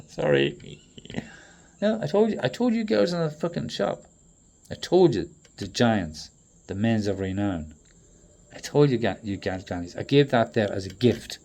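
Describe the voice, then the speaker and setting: A man in a profane, rambling monologue that swings between loud outbursts and low muttering. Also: breathy edge. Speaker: traveling performer.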